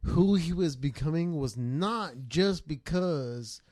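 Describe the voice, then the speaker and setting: Male co-host, slightly high voice, dry close sound, earnest and profane. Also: animated, a little mellow, dry recording. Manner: quick, earnest, profane, with lots of "you know what I mean". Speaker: podcast co-host. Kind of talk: casual chat over drinks.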